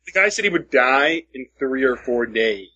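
A man's voice: medium pitch, animated, normal speed, bright, forceful tone, breathy edge, highs cut off. A young man chatting on a podcast, rambling anxiously in a casual way. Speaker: podcast regular. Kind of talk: casual chat.

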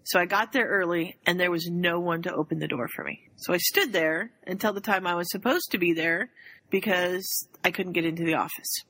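A woman co-hosting a podcast over an online call tells stories in a casual, animated way and laughs often. Her voice sits slightly low for a woman. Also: a little fast. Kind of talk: casual chat.

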